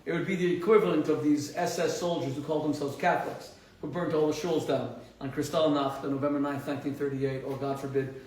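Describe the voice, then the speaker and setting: A man, a rabbi hosting his own show, telling stories with animated, emphatic delivery and frequent restarts. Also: heavy reverb, distant mic, slight background noise, rough recording. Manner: animated, emphatic, rises sharply in pitch when stressing points, frequent restarts. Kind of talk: impassioned storytelling monologue.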